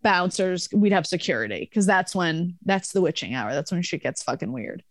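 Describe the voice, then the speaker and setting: Profane, animated woman telling a story. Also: lowish voice, normal speed, no echo. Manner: profane, animated, acts out quotes. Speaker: podcast guest, former bar manager. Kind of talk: casual storytelling.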